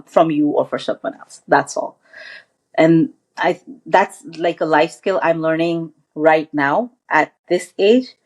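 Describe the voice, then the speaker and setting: A woman guest on a podcast, a mindfulness coach, talking in an earnest, reflective way. She often restarts her sentences and fills them with "like". Her voice sits a little low. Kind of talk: casual interview chat.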